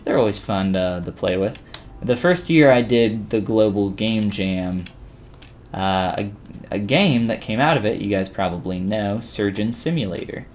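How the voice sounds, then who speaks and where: A man casually chatting with viewers while he demonstrates 3D sculpting in a live-stream tutorial, relaxed and rambling with frequent restarts. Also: fairly low pitch, a little slow, slight background noise.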